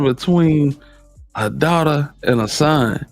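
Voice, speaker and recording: A man's voice: mid-range voice, expressive, measured pace, vocal fry, dry recording, soft background music. A man in casual commentary, reacting to clips with slangy, incredulous asides.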